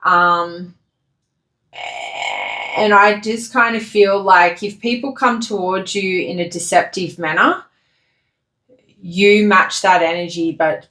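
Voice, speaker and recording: A woman with a fairly low voice gives a casual tarot reading straight to her viewers. She talks in a blunt, chatty way and swears without a second thought. The sound bounces around an echoey room. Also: fairly bright tone. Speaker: tarot reader.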